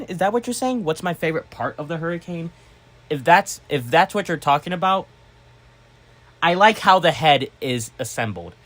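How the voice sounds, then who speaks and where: An excitable man talking casually to his viewers in a vlog. His pitch leaps around constantly in a very lively way. He rambles, restarts sentences and breaks into sudden loud outbursts. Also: normal speed. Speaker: vlogger.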